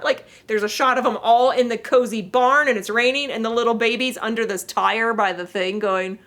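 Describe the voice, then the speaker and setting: A woman's voice: a little high, steady tone, moderate pace, hardly any pauses, a bit bright. A woman co-hosting a podcast, chatting casually and emotionally about a movie she watched, laughing often and getting worked up. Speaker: podcast co-host. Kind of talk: casual movie review chat.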